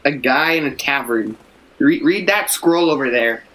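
A man's voice: medium pitch, expressive, a little slow, sharp tone, poor audio. A man playing a tabletop game, matter-of-fact as he describes his moves. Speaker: player. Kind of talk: casual tabletop play.

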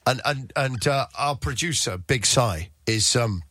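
A husky middle-aged man, telling a story full of jokes and mimicking the people in it. His voice sits in an average range and sounds close and dry, with no room around it. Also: mid-range voice, lively intonation, unhurried, sharp tone, no room sound. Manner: jokey anecdotal storyteller, acts out other voices. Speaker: radio presenter and podcast host. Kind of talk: casual interview chat.

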